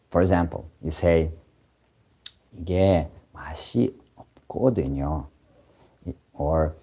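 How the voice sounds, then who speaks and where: Low, mellow voice, man, relaxed teacher explaining grammar, many fillers and restarts. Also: muffled recording. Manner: halting, many fillers and restarts, switching into quick Korean examples. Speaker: Korean language teacher. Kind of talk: casual explanatory lesson.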